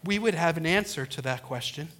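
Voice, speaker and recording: A man's voice: fairly high pitch, animated, fairly quick, a bit bright. A middle-aged male pastor preaching a sermon, retelling a story and acting out the quoted voices.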